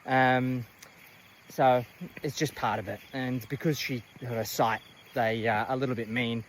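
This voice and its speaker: A man's voice: medium pitch, steady tone, measured pace, slight background noise, low-quality recording. A man giving a casual, rambling tour of his animal sanctuary outdoors. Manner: chatty, rambling with many fillers. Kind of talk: casual walking tour vlog. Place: outdoors at a farm paddock.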